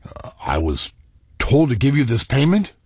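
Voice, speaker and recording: A man's voice: medium pitch, huge pitch swings, normal speed, a little mellow, slightly rough, dry recording, clean studio sound. A man narrating a first-person radio drama as a weary new king and speaking his lines. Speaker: narrator and lead character.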